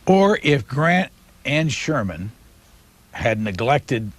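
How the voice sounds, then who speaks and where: A man's voice: medium pitch, big pitch swings, slow pace. A man interviewing a historian, posing hypothetical what-if questions.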